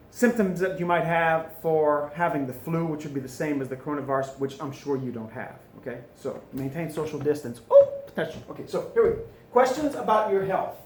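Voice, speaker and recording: A man teaching French in a classroom, chatty and informal, repeating phrases slowly for students to drill. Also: fairly high pitch, echoey room, a little hiss or hum. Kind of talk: recorded classroom lesson. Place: classroom with a board.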